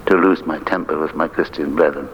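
A man's voice: rumbling low, steady tone, fairly quick. An older man, a minister preaching an earnest, emphatic sermon. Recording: dull lo-fi archive recording with faint hiss.

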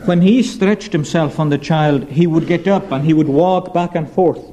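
A man preaching a sermon, earnest and emphatic, slowing down on weighty phrases. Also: fairly high pitch, warm tone, lo-fi sound, a little hiss or hum.

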